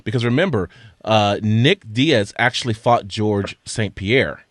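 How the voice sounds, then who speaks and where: A man's voice: lowish voice, measured pace, dry recording, clean studio sound. A man co-hosting a sports talk show in casual chat, telling stories with energy and stammering when he is pushed. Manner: animated storyteller, stammers when pressed. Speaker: podcast co-host. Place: studio.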